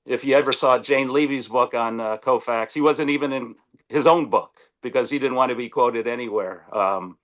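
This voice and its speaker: A man chats over a video call, telling stories in a voice of ordinary middle pitch. He is animated and restarts his sentences often. He acts out the lines of the people in his stories. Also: moderate pace. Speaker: sportswriter guest. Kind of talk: casual storytelling on a video call.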